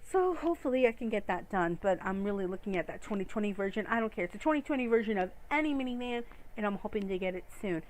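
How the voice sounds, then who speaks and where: A woman gaming streamer plays a fishing game at home, chatting and rambling casually to her viewers. Her mid-range voice is animated and darkish in tone, and she talks fast.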